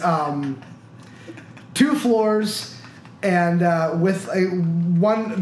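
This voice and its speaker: A man's voice: high-pitched, a little hiss or hum. Young man rambling in an echoey room. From United States Midwest. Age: young adult. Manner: rambling, many restarts and fillers. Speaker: podcast co-host. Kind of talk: casual chat among friends.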